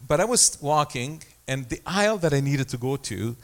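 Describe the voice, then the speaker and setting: A man's voice: a little high, lively intonation, moderate pace. A man preaching a sermon as pastor, talking in a conversational way with self-deprecating asides and small stories.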